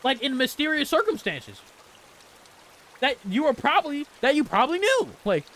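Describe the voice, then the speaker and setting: A man reacting to a story game for his channel, excitable and profane, piling up slang as he rants at the characters. His voice sits high and swings widely in pitch, with a faint hiss of noise underneath. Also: moderate pace. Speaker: gaming channel host. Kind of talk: casual let's play reaction commentary.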